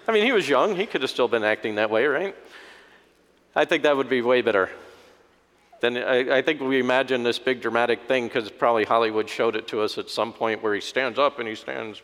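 A man's voice: medium pitch, a little fast, fairly bright tone. A man preaching a conversational sermon as a pastor, folksy and humorous, acting out voices in his story. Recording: long hall reverb.

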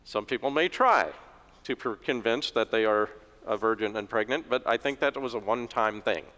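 A man's voice: medium pitch, normal speed, pushed and bright. A middle-aged man preaching a sermon in a joking, conversational way, in a church. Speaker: pastor. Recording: echoey church reverb.

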